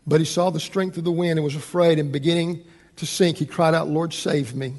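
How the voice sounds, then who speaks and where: A man preaching a sermon as pastor, animated and acting out the people in his story. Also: fairly high pitch, a little fast. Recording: long hall reverb.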